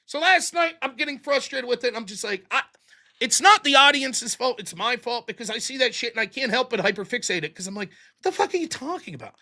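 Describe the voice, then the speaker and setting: An American man hosting a political livestream, ranting in an exasperated, profane, animated way. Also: very high-pitched, fairly quick. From United States. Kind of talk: ranting commentary.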